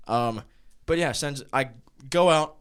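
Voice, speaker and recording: An American man co-hosts a casual soccer chat show, drifting through stories with plenty of fillers and easy laughs. His voice is smooth and clear, sitting at an ordinary pitch for a man. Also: takes it slowly, fairly bright tone. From United States. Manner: storytelling, laughs often, many fillers. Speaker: podcast co-host.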